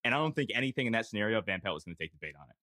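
A man co-hosting a podcast, chatting casually in quick bursts. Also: on the low side, big pitch swings, bright, forceful tone, no room sound. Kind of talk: casual chat.

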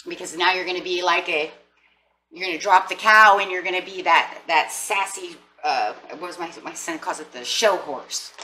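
A bright, sharp-toned woman gives a casual tarot reading, chatty and sassy. Her voice sits a little low for a woman. She sounds slightly away from the mic, with faint hiss behind her. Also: lively intonation, normal speed, far from the mic. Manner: playful, sassy, chatty with laughs. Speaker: tarot reader.

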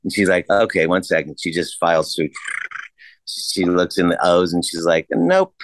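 A man telling a story as a podcast guest in a casual, laid-back way, swearing freely and jumping his pitch up to act out the voices of people he quotes. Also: little pitch movement, normal speed, slight background noise. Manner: acts out quoted voices with big pitch jumps.

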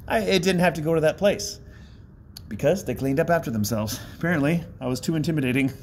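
A man's voice: fairly high pitch, quick pace, slight background noise. A man rambling in a casual vlog, chatty and self-mocking, often breaking into laughter. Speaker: vlogger. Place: outdoors by a bridge.

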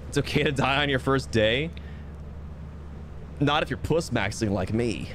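A man's voice: medium pitch, animated, unhurried, pauses often, a bit bright, a little hiss or hum. A man streaming a game, rambling through casual commentary with playful, self-mocking jokes, with piano game music behind him.

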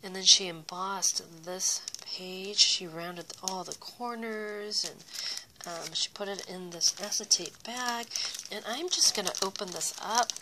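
Speaking a little slowly in a mid-range voice, a young woman who makes craft videos on YouTube unboxes handmade gifts for her viewers. Her chat is casual and full of fillers as she raves about each detail, with noise audible in the background.

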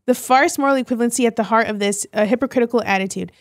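A young woman with a fairly high voice, co-hosting a podcast and casually reading quotes and posts aloud, now and then tripping over words. The sound is close and dry. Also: very fast, dry recording. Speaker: podcast co-host.

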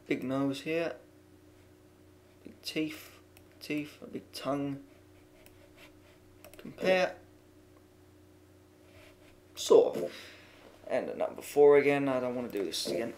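A man's voice: medium pitch, a little mellow, slight background noise. A man playing a video game and commenting aloud, muttering, swearing often and reading the on-screen text as he goes. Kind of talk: let's-play commentary.

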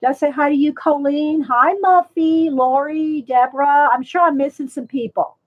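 A woman's voice: high voice, fairly even intonation, normal speed. A woman hosting a casual livestream, rambling along and greeting viewers by name. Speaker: livestream host. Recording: slightly dull lo-fi sound.

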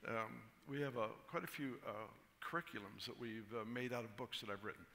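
A male pastor speaking at a conference, telling jokes in a relaxed, chuckling way before preaching. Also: mid-range voice, fairly quick, vocal fry. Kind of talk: sermon with told jokes. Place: large conference hall. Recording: echoey hall, faint noise.

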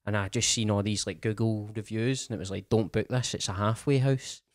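A man's voice: on the low side, a little fast, no room sound, studio quality. A young Scottish man, a guest comedian, telling sweary, laughing anecdotes in casual podcast chat. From Scotland. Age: young adult.

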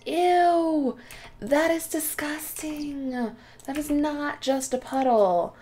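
A woman's voice: high-pitched, slow, dark tone, slight background noise. A woman hosting a let's play, chatting casually through her gameplay, often exclaiming and talking to the characters on screen.

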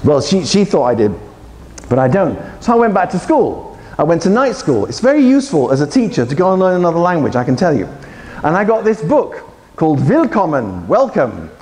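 A man giving a lively, joking conference talk to teachers and quizzing the audience as he goes. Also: a little high, brisk. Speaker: conference speaker. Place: large conference hall. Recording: echoey hall with faint ambience.

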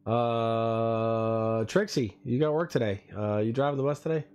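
A man's voice: mid-range voice, fairly even intonation, a little slow, darkish tone, clean tone. A man hosting a casual livestream, ranting and teasing a friend with exaggerated indignation. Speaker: livestream host.

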